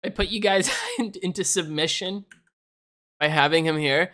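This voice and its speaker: A man's voice: high voice, moderate pace, pushed and bright. A young man chatting casually on a live stream, rambling and laughing often. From Canada. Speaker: livestreamer.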